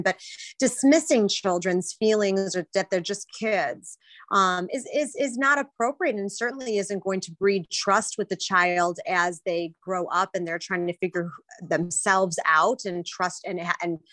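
Woman, radio co-host, earnest casual talk, dry close studio sound, mid-pitched voice. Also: a bit bright, no echo. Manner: earnest, leans heavily on "you know" fillers.

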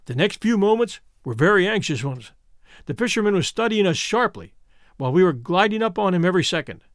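A man narrating a classic adventure story in an expressive, animated way. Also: sits high, a little fast, no room sound, studio quality. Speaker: audiobook narrator.

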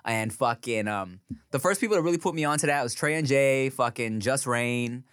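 A man's voice: medium pitch, moderate pace, a bit bright, clean tone. A man co-hosting a casual podcast chat, often slipping into exaggerated slang impressions. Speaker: podcast co-host.

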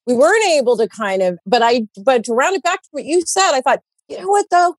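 A woman in her forties in a casual podcast conversation, animated, blunt and emphatic, and she swears freely. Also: high-pitched, fairly quick, no room sound. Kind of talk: casual chat.

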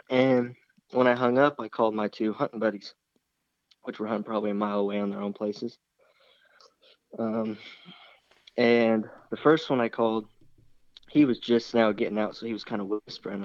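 A man's voice: lowish voice, fairly even intonation, moderate pace, long pauses, no echo, lo-fi sound. A young man casually retelling a hunting story, rambling and acting out the dialogue. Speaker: hunter telling a story.

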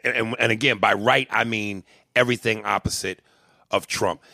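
A man's voice: on the low side, moderate pace, gravelly, no room sound, clean studio sound. A man arguing politics in a heated, profane way, often retelling and acting out what others said. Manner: heated, profane, animated storytelling. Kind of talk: casual political debate.

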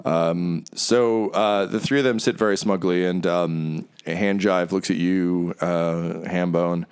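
A man's voice: deep voice, fairly even intonation, takes it slowly, smooth. A man narrating an improvised tabletop game as game master, hesitant and full of uhs and ums.

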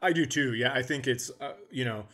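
A middle-aged man hosting a podcast who has a stutter and tells comedic stories in a casual, animated way, jumping into high voices when he quotes people. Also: a little fast. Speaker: podcast host.

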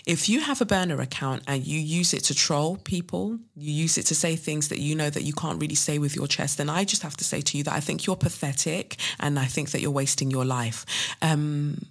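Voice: medium pitch, brisk, creaky. A podcast host who reads out a listener's letter, then rants bluntly, swearing and firing off rhetorical questions. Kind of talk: solo podcast monologue, reading a listener letter and ranting.

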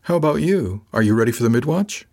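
A man's voice: medium pitch, animated, fast, darkish tone. A man voicing a tired but friendly young woman at a ship's helm, in short cheerful replies.

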